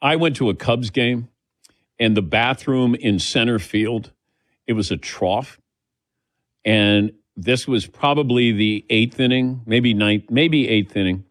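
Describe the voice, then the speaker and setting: A man hosting a sports talk radio show, bantering with his crew and taking calls in a jokey, lively way. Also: medium pitch, takes it slowly, dry recording, clean studio sound. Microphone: studio mic.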